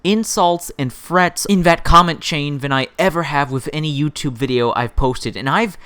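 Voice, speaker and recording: A man in his twenties ranting in an unscripted vlog, rambling and sarcastic, with sudden jumps in pitch. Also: moderate pace, sharp tone, smooth, no echo. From Canada. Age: 20s. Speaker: gaming YouTuber.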